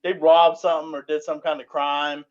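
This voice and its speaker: A man's voice: a little high, level tone, moderate pace. A drunk man chatting casually and profanely on a podcast, rambling and restarting. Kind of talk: casual chat. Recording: lo-fi audio.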